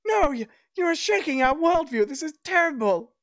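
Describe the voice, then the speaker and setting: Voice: high-pitched, animated, normal speed, fairly bright tone, voice pushed up. A streamer voicing an overly humble peasant man from a cartoon, in a formal, fretful, mock-solemn manner. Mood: distraught.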